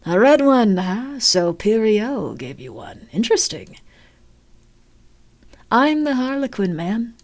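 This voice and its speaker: A woman voicing a sly, posh male circus clown who teases and taunts in a smooth, mocking way while streaming a game. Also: on the high side, very animated, slow, pauses often, heavily acted. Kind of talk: live-streamed game voice acting.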